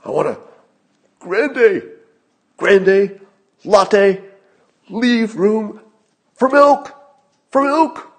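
A man putting on the voice of an angry elderly man barking out a coffee order, strained and high. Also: lively intonation, extremely slow, long pauses, full character voice.

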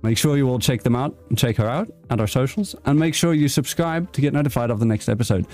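A man's voice: mid-range voice, fast talker, a little mellow, faint music behind. A man hosting a podcast, wrapping up a livestreamed episode with loose, rambling plugs and fillers. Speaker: podcast host. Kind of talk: casual livestream sign-off.

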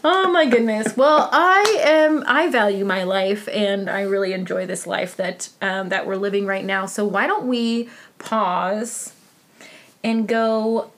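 A woman co-hosting a casual drinks podcast, bubbly and quick to laugh. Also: medium pitch, a little hiss or hum. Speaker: podcast co-host. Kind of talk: casual chat.

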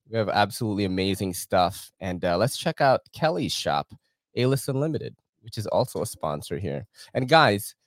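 A man's voice: on the low side, no room sound, clean studio sound. Laid-back New man reading ads. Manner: slangy, profane and laid-back, laughs often. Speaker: podcast host reading sponsor ads. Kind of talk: casual chat.

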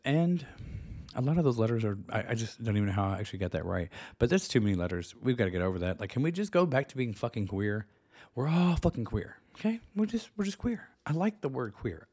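Gravelly man ranting with profanity. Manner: profane, animated ranting with sudden high squeals. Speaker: podcast host. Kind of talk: solo podcast rant.

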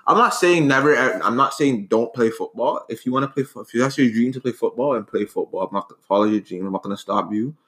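A man's voice: on the low side, fast, hardly any pauses. A man arguing his side in a casual sports debate, earnest and rambling with frequent restarts. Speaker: debate co-host.

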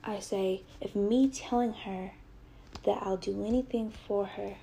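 A woman's voice: medium pitch, steady tone, unhurried, creaky, dark tone, a little hiss or hum. A young adult woman telling a personal story with earnest, heated retelling and quoted dialogue.

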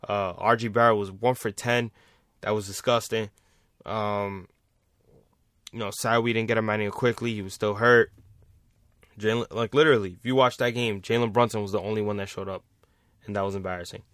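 A man's voice: on the low side, fairly even intonation, brisk, long pauses, fairly bright tone, no room sound. A man hosting a sports vlog, ranting casually with heavy swearing and repeating his points for emphasis. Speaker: sports commentator, vlog host.

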